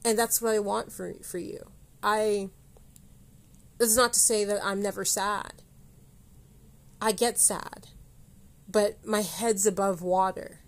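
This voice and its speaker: A woman's voice: mid-range voice, fairly even intonation, takes it slowly, pauses often. A woman hosting a motivational solo podcast. She rambles, corrects herself mid-sentence and speaks straight to the listener. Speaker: podcast host.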